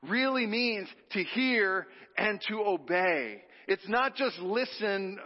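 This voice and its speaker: A man preaching a sermon, drawing the congregation into call-and-response, with dramatic pauses and hushed drops on key words. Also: high voice, animated. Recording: dull reverberant hall sound.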